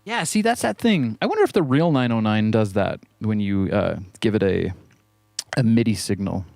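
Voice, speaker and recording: A man's voice: lowish voice, animated, moderate pace, creaky, a little mellow, no room sound. A man hosting a synth video, chatting casually and playfully while he jams, laughing at himself often. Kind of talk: casual chat over live synth jamming.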